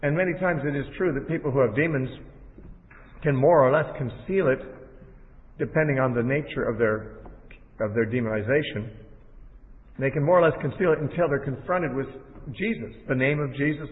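Man teaching a sermon over tinny audio. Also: medium pitch. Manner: measured, explanatory, with quoted lines read aloud. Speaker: preacher. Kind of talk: sermon-style Bible teaching. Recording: tinny phone-like audio in a large hall.

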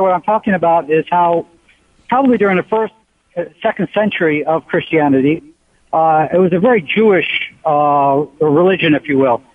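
A man in his sixties from the United States calls into a radio show and speaks earnestly, often pausing as he talks. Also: high voice, dry recording. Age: 60s. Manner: earnest, halting with many pauses. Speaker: radio caller. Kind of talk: call-in question. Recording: tinny phone line.

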